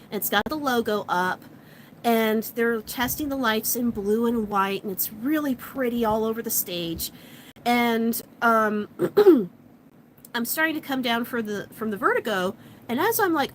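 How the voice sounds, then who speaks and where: A woman's voice: on the high side, a little hiss or hum, low-quality recording. Chatty woman telling a story. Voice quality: chatty, animated retelling with frequent likes and laughs. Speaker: vlogger. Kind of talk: casual storytelling vlog.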